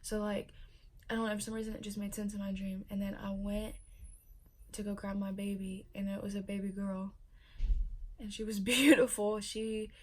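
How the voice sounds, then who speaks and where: Chatty young woman with flat tone. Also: mid-range voice, a little fast. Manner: chatty and emotional, many fillers. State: pregnant. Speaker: vlogger. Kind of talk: casual pregnancy vlog.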